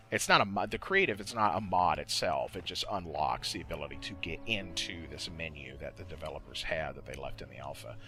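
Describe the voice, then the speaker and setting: A man's voice: sits low, sharp tone. A man recording casual voice-over commentary for a gameplay video, rambling and swearing, with many fillers and self-corrections. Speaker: gaming video creator. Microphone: desktop mic, voice-over recording.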